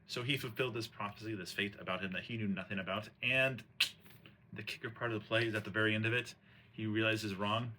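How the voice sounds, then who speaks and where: Slangy, rambling man with a bright voice. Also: on the low side, a little hiss or hum. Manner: relaxed, rambling, slangy, with fillers and restarts. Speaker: host retelling a play. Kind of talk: casual storytelling chat.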